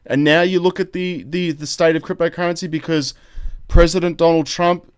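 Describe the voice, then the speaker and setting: An Australian man hosting a live crypto stream, talking excitedly and rambling as he reads out the chat. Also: a little high, normal speed, smooth, no echo, clean studio sound. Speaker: crypto YouTube host.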